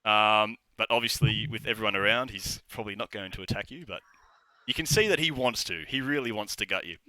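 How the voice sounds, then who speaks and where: A man's voice: lowish voice, a little fast, bright, forceful tone, a little hiss or hum. A man narrating a tabletop game as game master, rambling with lots of fillers.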